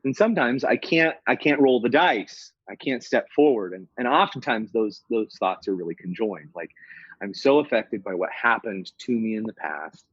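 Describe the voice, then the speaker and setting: Husky-voiced man, reflective storyteller. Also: on the low side, animated, moderate pace, no echo, dull audio. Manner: reflective, storytelling, laughs often, frequent restarts. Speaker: podcast guest, former psychotherapist. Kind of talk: casual conversational interview.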